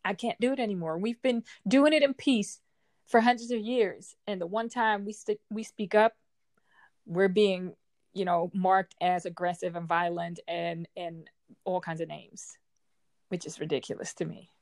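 Woman, forties, frustrated emotional monologue, forceful outbursts, dry close sound, mid pitch. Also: steady tone, moderate pace, dry recording. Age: 40s.

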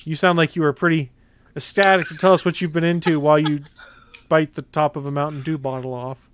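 A man's voice: on the high side, fairly even intonation, fairly quick, a bit bright, clear, resonant tone. A man hosting a podcast, easygoing as he reads segment transitions and network promos. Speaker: podcast host. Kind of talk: casual chat and show promos.

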